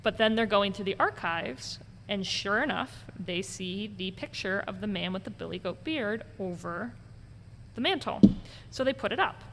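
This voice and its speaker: At a medium pitch and moderate pace, a woman who runs ghost tours shares stories conversationally in an interview, bringing the quoted characters to life with acted-out voices. There's long reverb on the recording and faint background noise.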